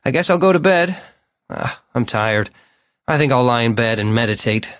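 A man's voice: mid-range voice, animated, moderate pace, a bit bright, no echo. A man voicing an eager, talkative young man whose lines come out raised and insistent. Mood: curious. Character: eager chatty young man, upbeat and earnest.

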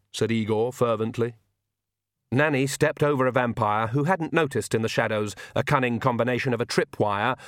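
A man reading an audiobook in a measured, wry tone. His mid-pitched voice is recorded close and dry, with no room sound. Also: no echo. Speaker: audiobook narrator. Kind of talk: scripted narration.

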